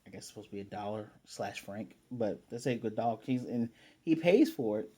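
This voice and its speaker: A man's voice: fairly low pitch, expressive, fairly quick, warm tone, husky. A man casually recapping an anime episode as a reviewer, rambling with lots of fillers and restarts.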